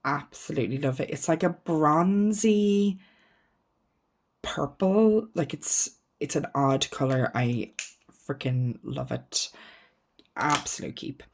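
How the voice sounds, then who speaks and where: A woman's voice: sits low, lively intonation, slow, darkish tone. A woman beauty vlogger chatting casually as she sorts through her makeup, thinking aloud, frank and self-mocking, trailing off into ums. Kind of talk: casual makeup declutter chat.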